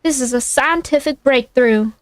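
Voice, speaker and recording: A chipper, folksy girl squirrel scientist who prattles on brightly, as a woman puts her on while reading a storybook. Her voice sits a little high and rings dry and close. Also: moderate pace, dry recording, close to an everyday voice. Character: spunky female squirrel scientist, chatty and folksy.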